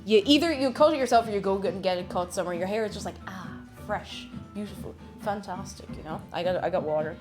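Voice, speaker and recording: A woman's voice: mid-range voice, fast, hardly any pauses, over music. A woman streaming live, chatting casually and reading out viewer messages in a bubbly, sing-song way.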